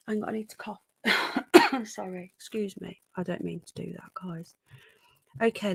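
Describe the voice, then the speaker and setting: A woman with a Birmingham accent touched by a Yorkshire twang hosts a casual livestream, greeting viewers one by one as darling and hon. Her voice has a gravelly edge. She sits close to a dry microphone with the gain turned right up. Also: medium pitch, darkish tone, no echo. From Sutton Coldfield, Birmingham, England. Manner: chatty, calls viewers darling and hon, frequent restarts. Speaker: livestream host. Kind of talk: casual live-stream chat reading out comments. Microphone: desk microphone with gain turned up.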